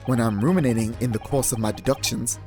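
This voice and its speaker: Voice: mid-range voice, fast talker, mellow, soft background music, voice pushed down, close to an everyday voice. A player voicing a pompous, eccentric British male detective in a put-on British accent, in a grandiose, theatrical manner. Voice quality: grandiose, theatrical, over-enunciated. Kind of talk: let's play voice acting.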